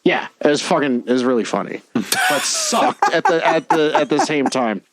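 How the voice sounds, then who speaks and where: A man co-hosting a podcast, telling stories in casual chat, profane and quick to laugh. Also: a little high, huge pitch swings, very noisy. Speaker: podcast co-host.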